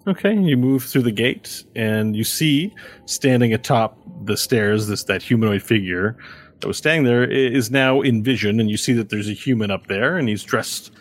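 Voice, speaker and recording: A man runs a tabletop game, describing each scene in a relaxed, chatty manner. His voice is husky and mid-pitched. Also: normal speed, no echo. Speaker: game master.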